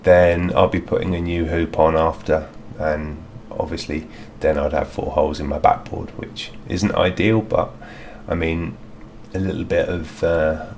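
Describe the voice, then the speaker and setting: Low-voiced man rambling through a review. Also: darkish tone, slight background noise. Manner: rambling, hesitant, lots of fillers. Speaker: DIY reviewer. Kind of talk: casual outdoor product review. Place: outdoors in a garden.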